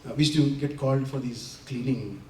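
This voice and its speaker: At a community center, an invited male speaker gives a storytelling talk, animatedly acting out quotes and laughing often through the punchlines. His medium-pitched voice is fairly quick, picked up from afar in a roomy, echoey hall with faint ambience and a little hiss or hum.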